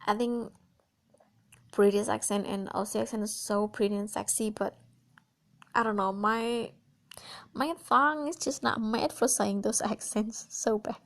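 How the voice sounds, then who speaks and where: A woman's voice: medium pitch, steady tone, measured pace, creaky, long pauses. Gushing chatty woman podcaster. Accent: American. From Indonesia. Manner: gushing, chatty, many fillers and restarts. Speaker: podcast host. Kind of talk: casual solo podcast chat.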